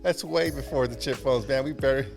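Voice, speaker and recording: A man's voice: mid-range voice, a little fast, gravelly, soft background music. Laid-back man telling old stories. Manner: laid-back, rambling anecdotes with laughs. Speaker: podcast guest, DJ. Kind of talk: storytelling in casual conversation.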